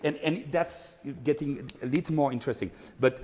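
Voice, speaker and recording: A man's voice: on the high side, moderate pace, a little hiss or hum. A man teaching an opera master class, scatting rhythms and singing phrases to show the singers what he wants. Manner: animated, scats rhythms and sings phrases to demonstrate. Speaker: vocal coach. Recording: reverberant hall.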